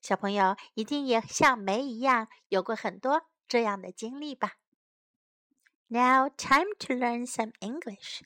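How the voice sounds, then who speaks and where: A woman reading a children's storybook aloud in a slow, gently enunciated voice. Her voice is high and bright. She speaks close to the mic with a dry sound. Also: no echo. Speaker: storyteller and English teacher for children.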